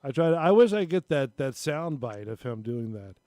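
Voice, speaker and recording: A man's voice: medium pitch, sing-song, normal speed, warm tone. A man hosting a casual live-stream talk show, rambling and retelling stories with little voices. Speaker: show host.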